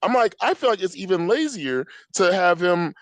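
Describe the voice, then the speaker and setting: A man's voice: sits high, very animated, normal speed, no echo, rough recording. A man chatting casually on a comics podcast panel, emphatic and crude, laughing often. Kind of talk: casual chat.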